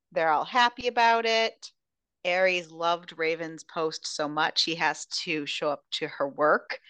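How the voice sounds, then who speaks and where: A woman's voice: fairly low pitch, smooth, no echo. Dry-voiced woman recapping a novel. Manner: animated, swearing. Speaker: podcast host. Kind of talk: casual book recap.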